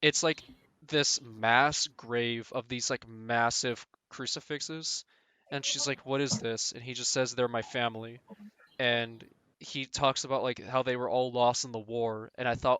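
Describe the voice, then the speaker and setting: A man's voice: medium pitch, steady tone, moderate pace, bright, forceful tone, clean tone, no echo. A man co-hosting a casual podcast, recapping a manga chapter and ranting in exasperation, laughing often. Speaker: podcast co-host.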